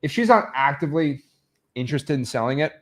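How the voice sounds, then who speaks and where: Casual male coach, slightly high voice. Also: expressive, a little fast, a bit bright. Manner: loose and rambling, many fillers and restarts. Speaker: real estate wholesaling coach. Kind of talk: casual screen-recorded tutorial.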